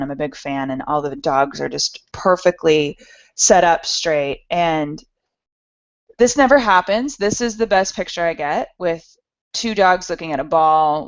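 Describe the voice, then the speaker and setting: Low, gravelly woman giving a candid talk. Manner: candid, self-deprecating, emotional at times; halting, with restarts. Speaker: speaker at an entrepreneur meetup. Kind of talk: personal talk to an audience. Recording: dull lo-fi recording.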